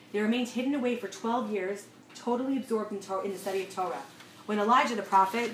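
A woman teaching a lively class lecture, telling a story and asking her students questions as she goes. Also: fairly high pitch. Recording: echoey room, faint noise.

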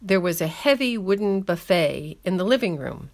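A woman's voice: lowish voice, expressive, normal speed. A woman hosting a scripted language lesson with wry, dry humor, speaking English as her first language. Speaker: language column host.

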